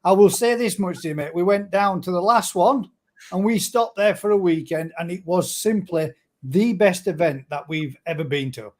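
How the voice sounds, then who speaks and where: A man's voice: sits high, moderate pace. A man hosting a casual live-stream chat, friendly and calling people mate. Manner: chatty, friendly, calls everyone mate.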